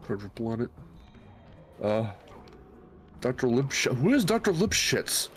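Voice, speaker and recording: A man's voice: medium pitch, very animated, slow, slight background noise. A male streamer in casual chat who thinks aloud, rambles and swears freely.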